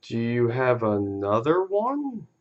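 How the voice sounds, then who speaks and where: A man's voice: mid-range voice, wildly swooping pitch, takes it slowly, muffled recording. A man casually talking through a card game on a live stream, laid-back and easily amused, with casual swearing.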